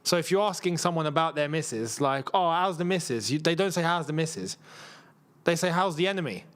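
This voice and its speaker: A young man chats through a live match as host, his voice sitting high and swinging widely in pitch. He banters in slang and breaks into laughter often. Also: animated, brisk. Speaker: football watchalong host. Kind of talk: casual live match commentary and chat.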